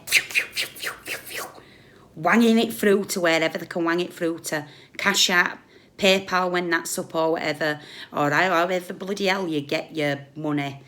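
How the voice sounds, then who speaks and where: A British woman ranting on a live stream, blunt and sarcastic, scolding someone by turns loudly and under her breath. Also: fairly low pitch. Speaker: YouTube commentator.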